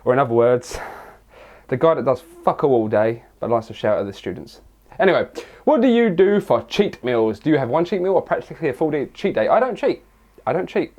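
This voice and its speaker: A man's voice: medium pitch, animated, fast talker, a little mellow. A young English man answering viewer questions in a casual vlog, rambling and crude with lots of jokes. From England. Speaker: fitness vlogger.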